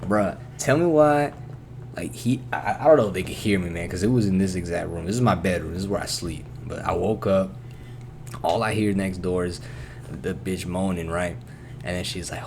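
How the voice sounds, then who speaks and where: Laid-back, low-voiced man chatting in a vlog. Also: normal speed, noisy background. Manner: laid-back, profane, loose storytelling. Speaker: vlog host. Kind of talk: casual rambling vlog chat. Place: his apartment bedroom.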